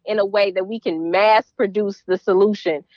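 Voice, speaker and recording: A woman's voice: medium pitch, steady tone, normal speed, dry recording, dull audio. Earnest Southern woman, middle-aged. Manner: earnest, emphatic, warm laughs. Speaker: guest. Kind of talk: casual interview.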